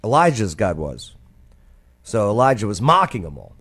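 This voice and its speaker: A man hosting a reaction video, giving animated, conversational commentary. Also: on the low side, normal speed, slightly rough.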